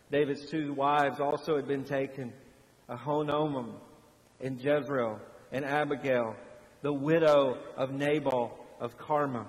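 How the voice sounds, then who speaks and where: A pastor preaching a sermon, moving between hushed, slow passages and loud, fervent ones. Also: male voice, medium pitch, fairly even intonation, in a large hall, low-quality recording.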